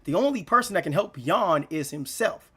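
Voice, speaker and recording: Brief: young male vlogger, high voice, rambling heartfelt monologue, on the edge of tears. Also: animated, normal speed, sharp tone, breathy edge. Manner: rambling, repeats himself, slangy. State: near tears. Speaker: gaming channel vlogger. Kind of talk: emotional unscripted monologue.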